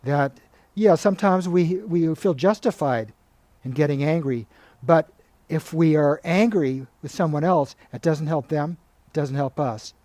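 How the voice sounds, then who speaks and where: A monk giving a spiritual talk, with a fairly high yet mellow, warm voice. He tells stories calmly and at an even, measured pace. The sound is dry and close. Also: dry recording. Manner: calm, measured storytelling with reading aloud of quoted passages.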